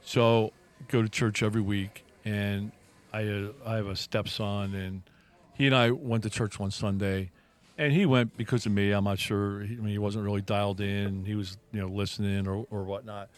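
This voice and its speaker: A man's voice: on the low side, level tone, normal speed. A man co-hosting a talk show, telling a personal story in a casual, earnest way with frequent restarts and emphatic turns. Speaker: podcast co-host.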